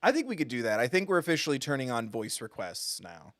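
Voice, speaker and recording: A man's voice: mid-range voice, wildly swooping pitch, fast, dry recording, clean studio sound. A man hosting a live game stream, chatting playfully and joking with viewers between lines. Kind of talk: live gameplay commentary.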